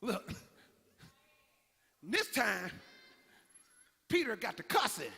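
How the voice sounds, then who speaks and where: A male pastor preaches in a church, swinging his pitch widely as he acts out each part of the story. His voice is high and bright with a gravelly edge, and it rings out into a long hall reverb. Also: moderate pace. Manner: animated storytelling, acting out characters. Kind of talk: sermon. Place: church sanctuary.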